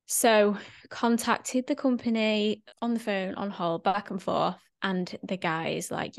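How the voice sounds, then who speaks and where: A woman's voice: mid-range voice, unhurried, gravelly, hardly any pauses, no room sound, clean studio sound. A woman chatting casually on a podcast, telling a travel story and acting out the people in it. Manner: animated storyteller, acts out quoted voices. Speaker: podcast guest. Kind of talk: casual chat.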